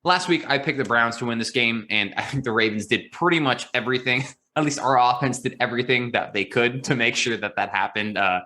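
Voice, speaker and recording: A man's voice: medium pitch, brisk, bright, forceful tone. A man co-hosting a casual sports podcast, talking earnestly and emphatically with frequent fillers. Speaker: podcast co-host, football fan.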